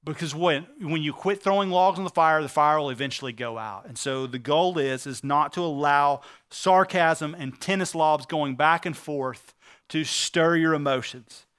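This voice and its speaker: Male pastor, high bright voice, crisp and clear, earnest sermon delivery with emphatic slow phrases.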